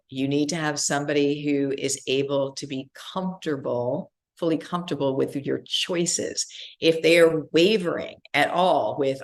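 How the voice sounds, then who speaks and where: A middle-aged woman giving an earnest, emphatic teaching talk on end-of-life care, speaking directly to her listeners. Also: low voice. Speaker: end-of-life doula trainer.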